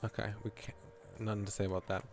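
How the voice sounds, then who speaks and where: A man with a low voice gives relaxed, rambling commentary as he streams a game, laughing often. Faint game music plays under his voice. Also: fast. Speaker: VTuber streamer. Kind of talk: casual gameplay commentary.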